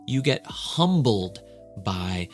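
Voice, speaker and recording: A man's voice: lowish voice, big pitch swings, slow pace, faint music behind. A man who is a relationship coach giving earnest, emphatic advice in a reaction video.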